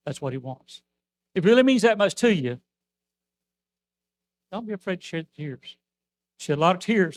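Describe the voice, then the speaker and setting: A man's voice: on the high side, no room sound. Older male preacher, dry close sound. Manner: storytelling preacher, swings from loud to soft. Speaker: outreach minister. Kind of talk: sermon.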